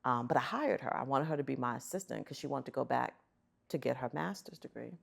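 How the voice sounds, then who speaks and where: A middle-aged woman, a guest on an interview show, telling stories in an animated, emphatic way. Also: rumbling low, fast talker, vocal fry, husky. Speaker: guest, arts center chief executive. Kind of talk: conversational storytelling.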